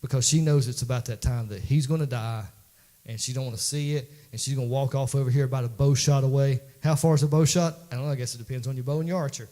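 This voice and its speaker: A man's voice: medium pitch, fairly even intonation, quick pace, warm tone. A man, a pastor preaching a folksy, conversational sermon in a church that builds to emphatic peaks.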